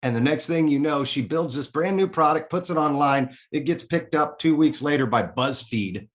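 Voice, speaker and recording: Speaking somewhat high at a moderate pace, this middle-aged Kansas City-area man tells his own tale as a guest in a relaxed interview. He's lively, curses openly, and thinks out loud.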